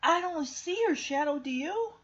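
A woman's voice: high-pitched, expressive, normal speed, fairly bright tone, lo-fi sound. A woman voicing a young brash male dog, eager and questioning. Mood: worried.

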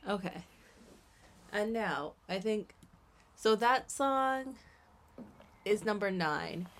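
A woman's voice: mid-range voice, lively intonation, takes it slowly, fairly bright tone. A woman co-hosting a casual podcast chat, mostly reacting and adding short asides. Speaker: podcast co-host.

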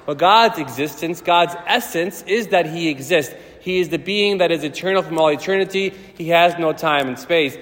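A man's voice: on the high side, moderate pace, few pauses, a bit bright. A man, a priest, giving a casual, storytelling sermon with playful voiced asides. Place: church. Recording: church hall reverb.

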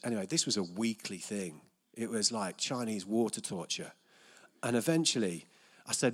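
A middle-aged man preaching a sermon in a church and telling a personal story with lively acted-out voices. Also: mid-range voice, normal speed. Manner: animated storytelling, acts out quoted voices. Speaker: pastor.

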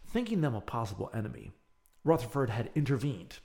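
Animated man reading a serial story. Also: medium pitch, fairly quick, gravelly. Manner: chatty, animated, with asides. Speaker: podcast host and narrator. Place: home, near an open window.

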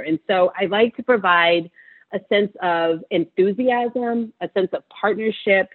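Over a phone-quality line, a doctor speaks at a measured pace in a mid-range voice. Her interview answer becomes emotional testimony, teary and passionate as she preaches encouragement with warmth and conviction.

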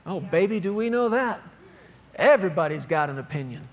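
A man's voice: sits high, expressive, a little fast. A man preaching a sermon, reading scripture aloud and driving points home with emphatic repetition. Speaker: pastor.

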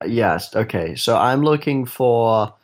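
A man's voice: medium pitch, lively intonation, slow. A man playing a tabletop game, thinking aloud hesitantly with many restarts. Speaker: player. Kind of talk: casual tabletop game play.

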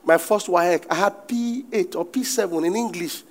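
Preaching at a moderate pace, this middle-aged pastor uses a high-pitched voice and a Nigerian accent. His sermon is animated, punctuated by occasional shouts.

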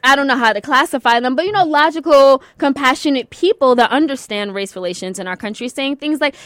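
A woman's voice: high voice, fast, hardly any pauses, fairly bright tone, no room sound. Woman, radio co-host, casual chat, laughs easily, dry studio mic.

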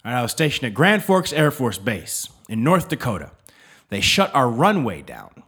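A man's voice: medium pitch, very animated, normal speed, a bit bright, slightly rough. Man telling a rambling, profane story. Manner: profane, rambling, with frequent restarts; conversational, checks in with "all right?". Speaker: podcast host, military veteran. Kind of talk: casual storytelling monologue.

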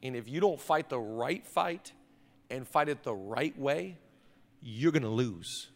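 A man's voice: mid-range voice, animated, measured pace, gravelly. A male pastor preaching a sermon in a conversational, emphatic way, with repeated phrases, recorded in a large church auditorium. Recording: long reverb of a big hall.

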